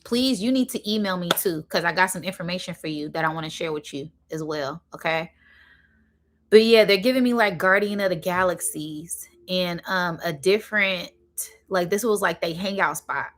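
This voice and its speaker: A woman hosting a live spiritual channeling talk, rambling with many fillers and slowing down to stress her points while speaking straight to her viewers. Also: on the low side. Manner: addresses viewers directly and casually.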